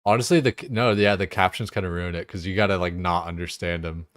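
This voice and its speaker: A man's voice: low voice, steady tone, quick pace, no room sound, clean studio sound. A young man chatting casually and profanely on a game stream, laughing often. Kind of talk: casual live-stream chat.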